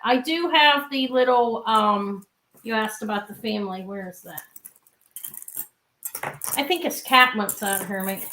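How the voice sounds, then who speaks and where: A woman's voice: mid-range voice, sharp tone, a little hiss or hum. A middle-aged woman chatting casually as she sells jewelry in a live-stream auction, rambling with asides.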